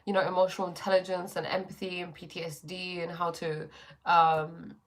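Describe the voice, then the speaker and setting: A woman's voice: on the low side, flat delivery, moderate pace. Reflective woman livestreaming with a sore throat. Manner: reflective, greets viewers, many fillers. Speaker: spiritual livestream host. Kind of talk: casual spiritual talk on a livestream. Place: her bedroom.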